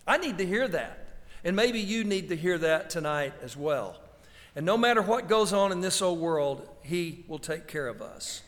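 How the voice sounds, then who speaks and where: A man preaching a sermon, slow and emphatic, drawing out the scripture he quotes. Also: high-pitched, a bit bright. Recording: long hall reverb.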